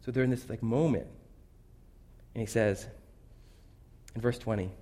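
A man's voice: mid-range voice, unhurried, long pauses, mellow. A man preaching a conversational sermon, loose and chatty, acting out quotes in shifting voices. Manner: loose and chatty, with fillers like "like" and "basically".

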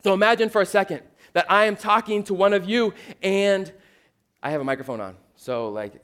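Man, pastor, sermon, fairly high voice, earnest and chatty, playful asides. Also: brisk, fairly bright tone, smooth.

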